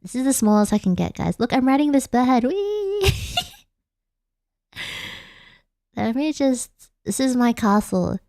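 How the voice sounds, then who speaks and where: A woman's voice: a little high, a little fast, hardly any pauses, mellow, dry recording. A young woman from Australia, a vtuber chatting playfully late at night, giggling and rambling. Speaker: vtuber streamer. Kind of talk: casual late-night chat.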